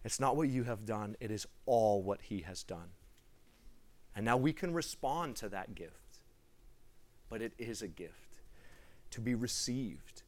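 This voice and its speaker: A man giving a sermon to a live gathering, telling a personal story in an excitable, animated way. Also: fairly low pitch, a little slow, pauses often. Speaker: preacher.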